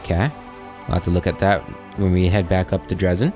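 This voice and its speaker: A man hosting a let's play, giving relaxed commentary, thinking aloud and correcting himself, and reading out game text. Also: sits low, fairly quick, music in the background. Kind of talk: casual gameplay commentary and reading.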